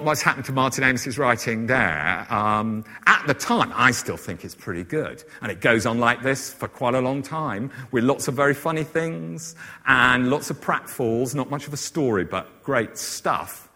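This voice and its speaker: A man's voice: medium pitch, very animated, moderate pace, pushed and bright. A man giving a chatty, informal lecture on novels, with many fillers and asides. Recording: long hall reverb.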